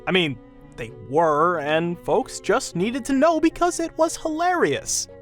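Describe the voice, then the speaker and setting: A man narrating a string of funny anecdotes in an even, read-aloud storytelling way. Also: high voice, unhurried, faint music behind. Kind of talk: reading online anecdotes aloud.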